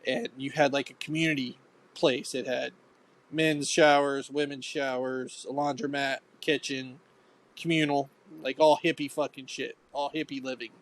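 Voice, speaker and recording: A man's voice: medium pitch, little pitch movement, moderate pace. A man from Ohio co-hosting a podcast, recalling old times bluntly and profanely, rambling as he goes. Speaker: podcast co-host. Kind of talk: casual chat.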